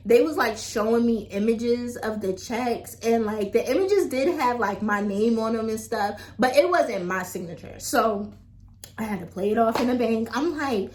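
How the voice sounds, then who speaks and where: Young woman vlogger, fairly high voice, chatty storytime delivery full of fillers, talks straight to viewers. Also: animated, normal speed. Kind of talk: casual storytime chat.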